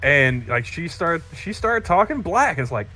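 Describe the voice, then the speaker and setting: A man's voice: fairly high pitch, very animated, measured pace, sharp tone, faint music behind. A man in his thirties on a podcast panel, joking crudely in casual chat and stumbling over restarts. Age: 30s.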